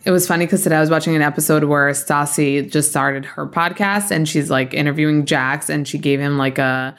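A young adult woman hosting a podcast, chatting casually and telling dramatic, animated stories with some swearing. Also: low-pitched, a little fast. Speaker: podcast host. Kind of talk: casual chat.

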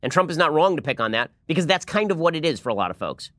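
Fast talking sarcastic guy doing political commentary, dry studio sound. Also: a little high, very animated, a bit bright, no room sound. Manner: rapid-fire, sarcastic, argumentative.

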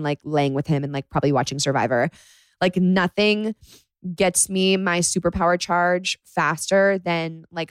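Young female podcast host, confiding and casual, lower-pitched voice, dry close mic. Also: smooth, no echo. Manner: chatty, confiding, says "like" often. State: emotional after crying. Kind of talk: casual solo podcast talk. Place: bedroom.

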